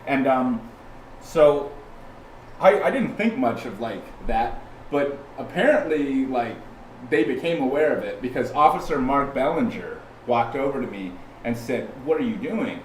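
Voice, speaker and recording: A podcast guest from California tells a story in a casual, animated way at an unhurried pace, often restarting and acting out the people he quotes. His mid-range voice comes through a distant mic, giving a roomy sound with faint ambience and slight background noise.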